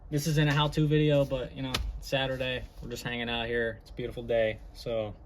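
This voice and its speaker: Man, casual garage vlog, relaxed rambling, mid-pitched voice, faint background hiss. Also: fairly quick. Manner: laid-back, rambling, explains as he works. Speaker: car hobby vlogger. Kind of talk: casual garage how-to chat.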